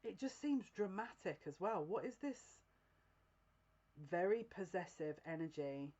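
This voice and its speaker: A woman giving a casual psychic reading to her viewers. She speaks in a confiding, direct way and keeps breaking into giggles, with halting restarts. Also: fairly low pitch, expressive, darkish tone, dull audio. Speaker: psychic reader. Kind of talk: casual tarot-style general reading to camera.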